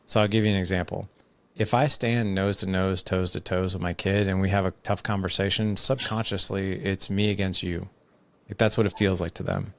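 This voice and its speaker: Gravelly low-voiced father, earnest. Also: level tone, a little fast, a bit bright. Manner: earnest, talks in examples, many "like" fillers. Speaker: podcast guest, father. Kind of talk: conversational podcast explaining.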